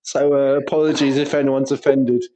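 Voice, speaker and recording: A man's voice: mid-range voice, little pitch movement, normal speed, dark tone. An Englishman with a crude, sweary way of talking, telling school stories in casual podcast banter and laughing through them. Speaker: podcast co-host.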